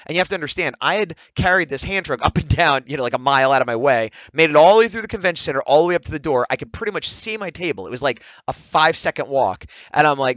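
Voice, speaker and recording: A man talks fast, ranting in a casual vlog about a frustrating day and acting out both sides of the argument. His voice sits a bit high and dry, close to the mic, with slightly dull, lo-fi sound. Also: no room sound. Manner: animated, exasperated storytelling with quoted dialogue. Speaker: vlogger and comic artist.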